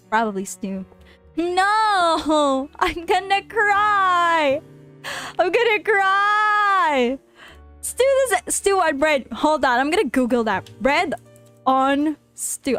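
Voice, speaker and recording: A woman streaming a game and chatting casually with her viewers, animated and exclaiming, often in mock outrage. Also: high-pitched. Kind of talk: casual live-stream chat.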